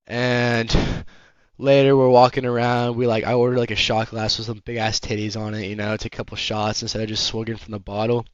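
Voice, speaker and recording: A man's voice: lowish voice, level tone, brisk, clear, resonant tone, no echo, highs cut off. A young man telling a rambling storytime story in casual chat, filled with "like" and swearing. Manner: rambling, heavy swearing, lots of "like". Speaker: vlogger.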